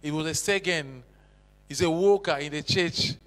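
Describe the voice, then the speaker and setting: Impassioned high-voiced preacher in echoey hall. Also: male voice, moderate pace. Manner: impassioned, swings between loud exhortation and hushed intensity; non-native English with broken grammar. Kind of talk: sermon. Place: church hall.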